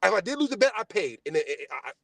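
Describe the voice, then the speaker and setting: Young male podcast host, high and lively pitch, boastful and profane rant, dry close sound. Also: very fast, vocal fry, dry recording. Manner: animated, boastful, profane, swings between loud and low mutters. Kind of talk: heated casual podcast rant.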